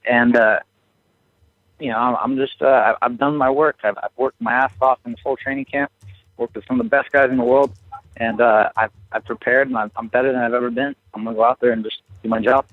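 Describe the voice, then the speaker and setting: A man's voice: medium pitch, steady tone, a little fast, dry recording. A young man on a media conference call, hesitant and full of fillers. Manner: hesitant, many fillers and restarts. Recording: dry tinny phone line.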